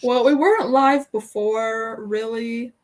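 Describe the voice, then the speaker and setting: A young woman hosting a casual livestream book chat over a video call, teasing and giggling through quick banter. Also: on the high side. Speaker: booktube host.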